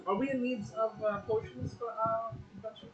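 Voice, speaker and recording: A man voicing an adventurer who speaks calmly and overly politely, free with his money. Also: sits high, normal speed, reverberant, dull audio, faint music behind, pitched above the performer's own voice, natural voice. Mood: probing.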